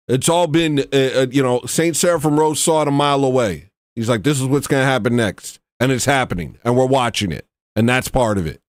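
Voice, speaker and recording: A tired man hosting a livestream, talking casually in a rambling, mocking, irreverent way with sudden high-pitched outbursts. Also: no room sound, studio quality. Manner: slips into loud high-pitched bursts. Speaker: livestream host.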